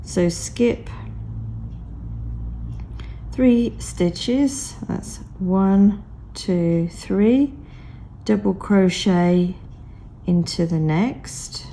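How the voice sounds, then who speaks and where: A woman teaching crochet step by step, croaky from a cold, counting stitches aloud in a patient way. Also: mid-range voice, extremely slow, long pauses, mellow, slight background noise. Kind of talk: step-by-step craft tutorial.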